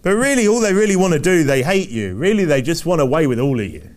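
A man with a notably high voice delivers a sermon in a forceful, repetitive cadence. He hammers his points home again and again and throws rhetorical questions out to the congregation. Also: sing-song, fast. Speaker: preacher.

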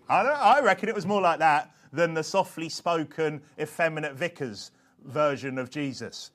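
High-voiced man preaching. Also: moderate pace. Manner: swings from quiet asides to shouted scripture. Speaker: pastor. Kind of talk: sermon.

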